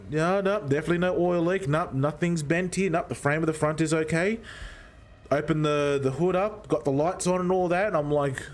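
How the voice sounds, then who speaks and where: A young man, telling a story in a casual, animated way and swearing heavily as he goes. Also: a little high. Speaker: streamer.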